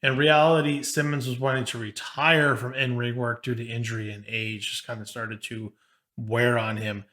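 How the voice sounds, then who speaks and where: A man's voice: mid-range voice, little pitch movement, moderate pace, sharp tone. Male podcast co-host reading from notes. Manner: casual, reads history from notes.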